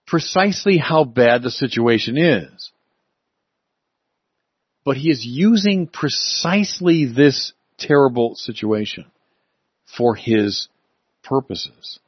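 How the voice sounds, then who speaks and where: A man delivers a sermon with a husky, slightly breathy voice, leaning hard on key words and slowing down to stress them. He sounds close and dry, with a dull, muffled top end. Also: mid-range voice, expressive, dry recording. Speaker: preacher.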